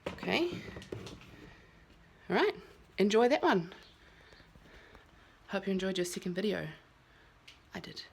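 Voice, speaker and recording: A woman's voice: mid-range voice, very animated, a little slow, gravelly, long pauses, echoey room, distant mic. Lady coach calling out home workout moves mid-demo, mic a ways off, faint room noise behind. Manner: talks through moves while demonstrating them. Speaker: fitness coach.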